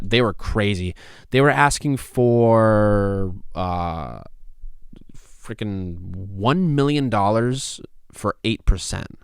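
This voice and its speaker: A man hosting a casual solo podcast, sounding stuffy and talking excitably, exclaiming and swearing casually. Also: on the low side, clear, resonant tone, no echo, clean studio sound. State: stuffy, congested. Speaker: podcast host.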